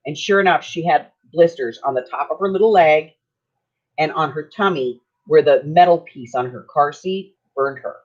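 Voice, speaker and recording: A woman's voice: low-pitched, normal speed. An older woman hosting her own channel, telling stories in a chatty, folksy way and laughing often. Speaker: craft channel host. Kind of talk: casual storytelling chat. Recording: dull lo-fi sound.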